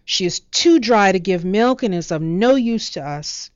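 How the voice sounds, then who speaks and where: A woman's voice: mid-range voice, lively intonation, unhurried, dry recording, muffled recording, lightly acted. A woman reading a storybook, voicing a poor, proud male farmer who pleads and argues. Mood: insistent.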